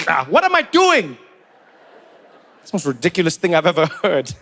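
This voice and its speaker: A man's voice: fairly high pitch, moderate pace, pauses often, a little hiss or hum. A man from South Africa performing a stand-up set on stage, telling a story and acting out both sides of the conversations. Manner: animated storytelling, acting out dialogue in many voices. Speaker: stand-up comedian. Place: live stage before an audience.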